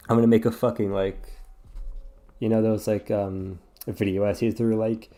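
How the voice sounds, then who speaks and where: A man's voice: on the low side, little pitch movement, normal speed, mellow. A sleepy man chatting casually while playing a puzzle game, rambling, apologetic and swearing often. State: yawning, sleepy. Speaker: gaming streamer.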